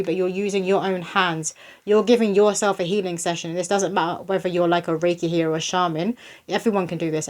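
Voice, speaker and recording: A young woman psychic medium giving a casual, chatty spiritual reading to camera, breezy and animated in her delivery. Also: lowish voice. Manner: chatty, breezy, spiritual, with bursts of quoted voices.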